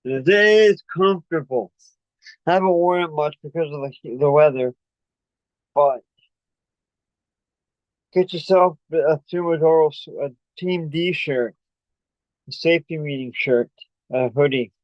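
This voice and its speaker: Out of breath after dashing up and down stairs, a livestream host rambles chattily and pushes his merch. He speaks a little slowly in a high-leaning voice, leaving long pauses, over a dry recording of dull, lo-fi call quality.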